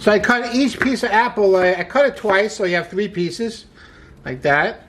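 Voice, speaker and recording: This upbeat home cooking host chats through a recipe at a moderate pace, opening many lines with "hey" and repeatedly calling things "wonderful." The middle-pitched voice stays light with quips and laughter at their own jokes, with a little hiss or hum in the background.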